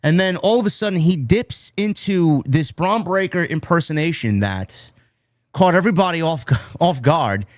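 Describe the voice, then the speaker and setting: A man with a New York accent recaps wrestling in an easygoing, rambling way, dropping into quick quotes of what people said. His voice sits on the higher side. The recording is close and dry. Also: lively intonation, no room sound. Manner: recounts events loosely, quoting wrestlers in quick asides. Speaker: podcast host. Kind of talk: casual wrestling recap chat.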